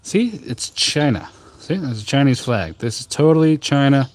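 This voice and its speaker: A man hosting a casual tea live stream outdoors on a rooftop garden, chatting with viewers in a jokey, rambling, deadpan way with many fillers. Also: medium pitch, normal speed. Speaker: tea livestream host.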